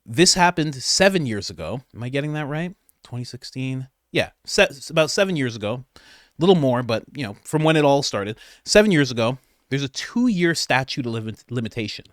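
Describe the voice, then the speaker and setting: A man hosting casual political commentary, reacting to a clip with sarcasm and mockery, now and then dropping to a quiet mutter. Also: very animated, brisk, no room sound, clean studio sound. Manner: sarcastic and mocking, mimics others in exaggerated voices, laughs often; drops to a low, quiet mutter for asides. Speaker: commentary channel host.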